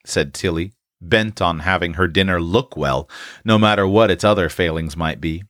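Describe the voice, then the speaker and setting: A man reading a classic short story aloud, giving the characters' excited lines a raised, animated voice. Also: sits low, normal speed, dry recording, studio quality. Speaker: audiobook narrator.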